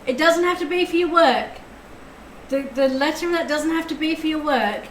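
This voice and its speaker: A woman with a bright, high voice reads tarot on a live stream and chats effusively with her viewers. Her voice rings around an echoey room, and a faint ambient hum sits underneath. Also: normal speed. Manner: effusive, chatty, thanks viewers often.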